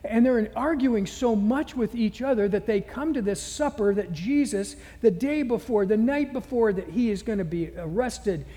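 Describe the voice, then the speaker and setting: High, mellow-voiced preacher in a reverberant hall. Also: male voice, normal speed, hardly any pauses. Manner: earnest storytelling, retelling scripture scenes. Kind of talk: sermon.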